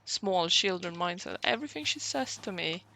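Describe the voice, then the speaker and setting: A young woman streamer chatting casually, sarcastic, swearing freely and often clearing her throat. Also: lowish voice, expressive, moderate pace, bright, forceful tone. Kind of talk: casual livestream chat.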